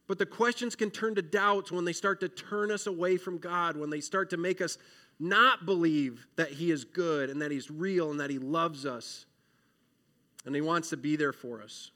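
A man giving an earnest, emotional children's sermon, acting out prayers and shifting between loud pleading and quiet reflection. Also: a little high, moderate pace. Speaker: children's minister.

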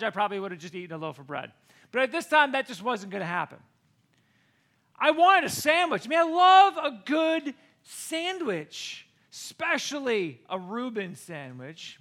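A middle-aged man tells a homey story straight to camera in a high, bright voice. He is animated and jumps into the voices of the people in the tale. It stays casual and chatty throughout. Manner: animated, acts out quoted voices with big swings. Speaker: vlogger.

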